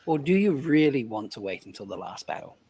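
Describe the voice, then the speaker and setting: A man's voice: medium pitch, very animated, brisk, creaky, dark tone, slightly rough. A man hosting a casual online chat, reading silly pickup lines aloud and breaking into laughter between them. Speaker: podcast host.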